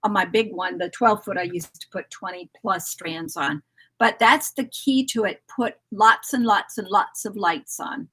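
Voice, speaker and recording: Woman co-host, husky, losing her voice, chatty and encouraging. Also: medium pitch, a little slow, fairly bright tone. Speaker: co-host of a store's live decorating chat. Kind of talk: casual chat.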